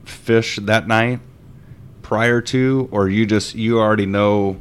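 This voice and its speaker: A man's voice: on the low side, steady tone, slow, smooth. A man hosting a casual podcast who asks questions and chimes in with short, agreeing replies.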